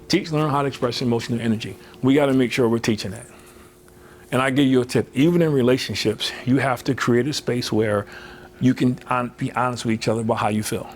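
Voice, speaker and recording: A man's voice: medium pitch, slight background noise. A man giving a motivational workshop talk in a conversational way, filling with "you know" and acting out quoted voices. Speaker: motivational speaker.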